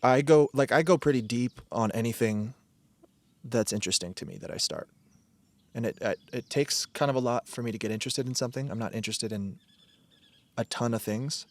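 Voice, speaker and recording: A man hosts a solo podcast at medium pitch and a slightly fast pace, with no room sound. He rambles, swears, and digresses, often cutting himself off mid-sentence to start over.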